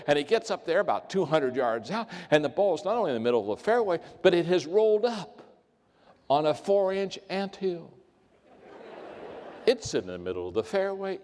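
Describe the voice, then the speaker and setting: An older man giving a humorous speech to a live audience, telling stories with jokey asides. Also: on the high side. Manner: storytelling, animated, jokey asides. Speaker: motivational speaker. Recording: long reverb of a large hall.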